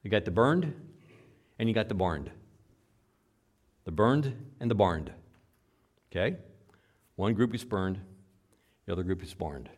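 A man preaching a sermon as pastor, swinging between quiet asides and loud, emphatic repeated phrases. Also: fairly low pitch, expressive, measured pace, pauses often.

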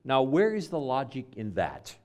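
A man voicing a calm, fatalistic male scorpion in a spoken fable within a sermon, in a low, quiet voice. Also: normal speed. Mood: sly. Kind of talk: storytelling in a sermon.

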